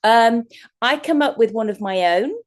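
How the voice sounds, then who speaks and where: A woman's voice: on the high side, expressive, moderate pace. A woman giving a chatty, rambling workshop talk as a guest speaker over a video call, often breaking into laughter. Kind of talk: online workshop presentation.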